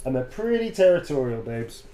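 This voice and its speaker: A man's voice: mid-range voice, big pitch swings, moderate pace, warm tone, slight background noise. A man signing autographs on a livestream, chatting in a playful, easygoing way and laughing easily. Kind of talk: casual live chat.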